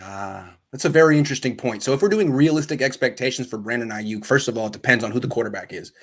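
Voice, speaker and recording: A man hosting a sports talk show, excitable and quick with banter as he takes calls. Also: mid-range voice. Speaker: host.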